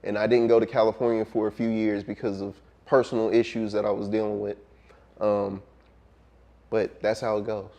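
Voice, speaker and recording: This lower-voiced man is a music producer appearing as a guest in a casual interview. He talks in a relaxed, reflective manner, with plenty of ums and pauses that trail off.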